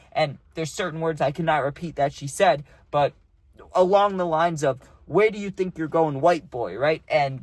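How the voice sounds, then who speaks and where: A man's voice: a little high, dry recording. A young man casually telling a rambling story, full of fillers and acted-out quotes.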